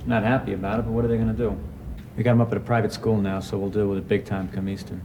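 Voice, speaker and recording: An actor playing a weary career thief who talks in a dry, matter-of-fact way, in a film scene. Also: male voice, fairly low pitch, little pitch movement, rapid-fire, background noise, lightly acted. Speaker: professional robber. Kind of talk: film dialogue.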